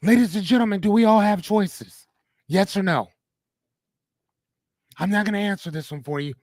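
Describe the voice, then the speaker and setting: A man's voice: high-pitched, normal speed, pauses often, a little mellow, dry recording. A middle-aged man hosting a live motivational podcast, talking straight to his audience in a blunt, preachy way with casual swearing. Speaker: podcast host.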